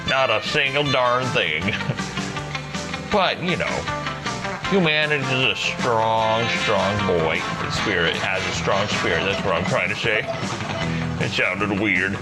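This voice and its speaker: A man voicing a folksy, rambling Southern cowboy in a put-on Southern US accent, in a comic sketch with guitar music playing loudly underneath. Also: lowish voice, lively intonation, takes it slowly, long pauses, low-quality recording. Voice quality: drawling, folksy, meandering. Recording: loud guitar music behind.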